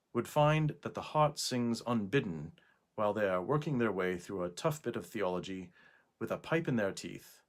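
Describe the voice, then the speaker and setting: A man reading a scholarly prose passage aloud in an attempted English accent, measured and deliberate, recorded indoors. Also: lowish voice.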